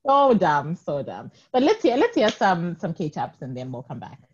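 A young woman co-hosting a radio show, her voice sitting a little low yet swinging up and down all the time. She rambles, restarts her sentences and giggles between thoughts. The broadcast sound is slightly dull and lo-fi. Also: very animated, normal speed, husky. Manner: giggly, rambling, self-interrupting. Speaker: radio co-host. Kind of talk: casual radio chat reading listener messages.

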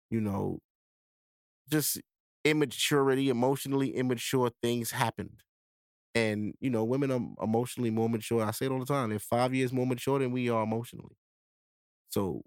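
A man's voice: lowish voice, vocal fry, no echo, studio quality. A young man hosting a podcast, telling a candid personal story in profane street slang. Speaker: podcast host. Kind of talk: casual storytelling monologue.

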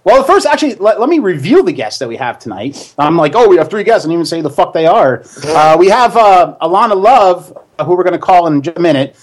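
A man's voice: sits high, sing-song, fairly quick, few pauses. A man co-hosting a casual radio chat, rambling with many fillers and frequent laughs. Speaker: co-host.

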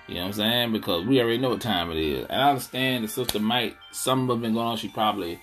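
A man's voice: on the low side, quick pace, hardly any pauses, a bit bright, faint music behind. A man hosting a podcast, talking casually in African American Vernacular English, blunt and indignant, with a habit of asking "you know what I'm saying". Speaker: podcast host. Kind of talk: casual commentary monologue.

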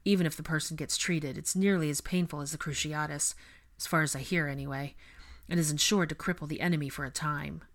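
Woman reading a young male wizard, brusque, commanding, low-pitched. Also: fairly even intonation, fairly quick. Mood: firm. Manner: firm, clipped orders.

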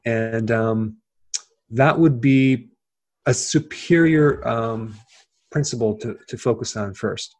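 Speaking at a slow pace, a man with a medium-pitched, slightly mellow voice explains things plainly as an interview guest. He makes health videos, and his casual talk is full of fillers and restarts.

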